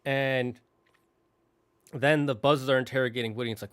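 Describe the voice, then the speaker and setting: A man's voice: medium pitch, fairly even intonation, moderate pace, long pauses, clean tone, no room sound. A young adult man hosting a gaming channel, casually recapping a story in a rambling, self-correcting way with plenty of restarts and fillers. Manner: emotional, tearing up.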